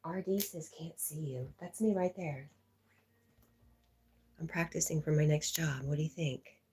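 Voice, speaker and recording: A middle-aged woman hosting a livestream from home on a laptop mic. She chats casually, reads viewer comments aloud and laughs often, clearly amused by herself. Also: low-pitched, measured pace, warm tone, low-quality recording. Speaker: livestream host.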